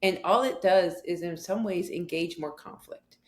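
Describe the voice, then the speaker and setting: A woman with a lowish voice speaks at a normal pace. She's a guest on an interview show, an author and speaker from the southwestern US near the Mexican border, animatedly telling a story and acting out both sides of a conversation.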